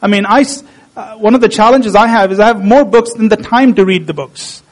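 A man preaching a sermon, slowing down and repeating phrases to stress key words. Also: high-pitched, rough recording.

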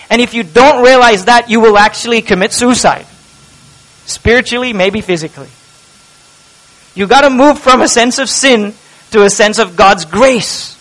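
A man with a high, light voice preaches a sermon. He moves from hushed, tender lines to loud, impassioned cries, with a steady preaching pulse. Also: normal speed, rough recording. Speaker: pastor.

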